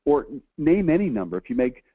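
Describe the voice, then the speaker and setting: A man's voice: fairly high pitch, very animated, quick pace, dry recording. A man in his forties telling a motivational story as a business coach, emphatic and given to repeating phrases for effect. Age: 40s. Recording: dry, tinny phone-like sound.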